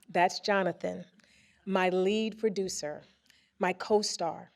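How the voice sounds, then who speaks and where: Expressive woman reading a speech on stage. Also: lowish voice. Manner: expressive, warm comic timing. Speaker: presenter reading a personal story. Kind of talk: reading a first-person speech aloud on stage. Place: theater stage before a live audience.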